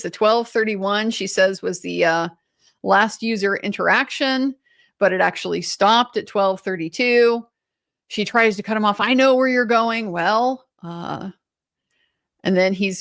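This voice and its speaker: A middle-aged woman gives live legal commentary with a sardonic, pointed edge. Her pitch sits in a middle range, and the recording is close and dry, with no room sound. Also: fairly bright tone, no echo. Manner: sardonic, pointed, mimics witnesses. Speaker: attorney commentator.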